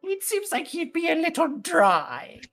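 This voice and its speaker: A woman's voice: extremely high pitch, huge pitch swings, unhurried, faint music behind, voice pushed up, full character voice. A woman voicing teasing old witch sisters who cackle and mock. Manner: sing-song, mocking, cackling.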